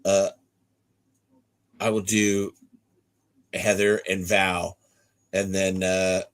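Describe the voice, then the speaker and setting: A man's voice: sits low, level tone, extremely slow. A man hosting a podcast, rambling and swearing freely as he sets up and narrates a script read-through.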